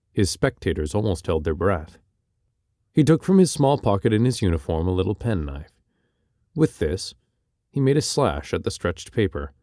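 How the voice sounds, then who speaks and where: A man narrating an audiobook in a measured, expressive literary reading style. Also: on the low side, no echo, clean studio sound.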